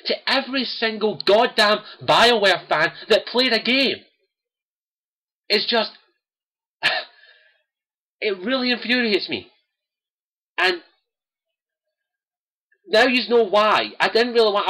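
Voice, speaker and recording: A man's voice: high-pitched, sharp tone. A young Scottish man, host of a gaming livestream, speaking to viewers in an earnest, impassioned personal monologue and repeating his key phrases.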